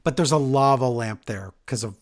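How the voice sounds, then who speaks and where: A man co-hosting a podcast, giving a casual, sarcastic recap of a wrestling show. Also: mid-range voice. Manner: animated, sarcastic, rapid asides. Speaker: podcast co-host.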